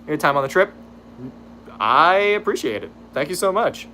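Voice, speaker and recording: A man's voice: a little high, big pitch swings, normal speed, sharp tone, slight background noise. A young man streaming, casually chatting with viewers, reading their messages aloud and swearing freely as he laughs at his own slip-ups.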